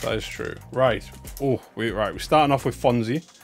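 A young man giving excitable, chatty commentary on a live stream, swinging between loud bursts of hype and muttered asides. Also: medium pitch, normal speed, soft background music. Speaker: livestreamer opening trading cards.

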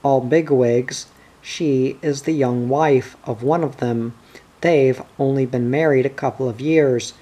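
A man's voice: mid-range voice, steady tone, unhurried, dark tone, breathy edge. A man reading the part of a fussy, educated schoolmaster who scolds his friends, in an audiobook. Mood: exasperated. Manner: prim, scolding.

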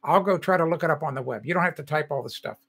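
A man's voice: a little high, very fast, creaky, fairly bright tone, slightly rough. An older man hosting a casual livestream, chatting loosely and reading out viewer comments as he greets people by name. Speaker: livestream host.

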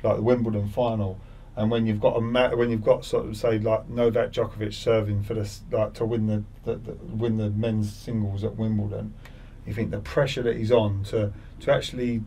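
A man's voice: on the low side, little pitch movement, normal speed, mellow, far from the mic, slight background noise. A man in his forties, a former footballer, chatting as a podcast guest with many restarts and repeated words. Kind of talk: casual interview chat.

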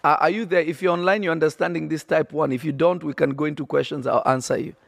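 A man's voice: fairly high pitch, steady tone, fast, creaky, dry recording. A man preaching on a podcast, emphatic and repetitive, often checking that listeners follow. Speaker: prophet and podcast host.

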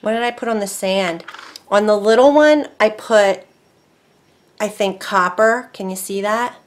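A woman hosting a casual crafting tutorial, chatty and easily excited, talking to herself as she works. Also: mid-range voice, a little slow. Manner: chatty, excitable, talks to herself while working. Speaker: craft video host.

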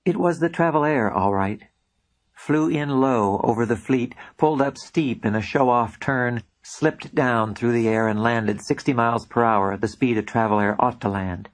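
A man narrates his own book in a reflective, first-person storytelling manner. His voice sits at an ordinary middle pitch for a man. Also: moderate pace. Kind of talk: audiobook narration.

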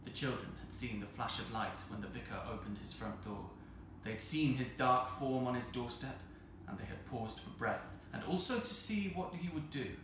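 Man reading a storybook in a roomy hall. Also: medium pitch. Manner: expressive, measured. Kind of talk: reading a children's novel aloud. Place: arts centre hall. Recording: roomy hall with faint noise.

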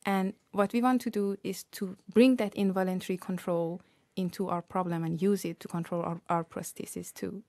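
A woman researcher being interviewed on radio, explaining her work in a measured, careful way. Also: lowish voice, fairly even intonation, darkish tone, dry recording. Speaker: researcher guest.

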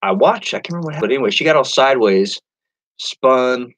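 A man's voice: medium pitch, expressive, fast talker, fairly bright tone, no echo, low-quality recording. A man chatting casually on a live stream as an online reseller, rambling to viewers and reading their comments aloud.

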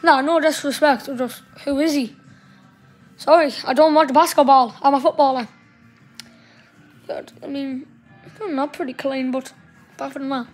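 A woman chats her way through a gaming session in a high, light voice. Her talk is loose and rambling, with mild swearing. Soft music plays quietly in the background. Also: fairly even intonation, normal speed, pauses often. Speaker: gaming streamer. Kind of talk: casual gameplay commentary.

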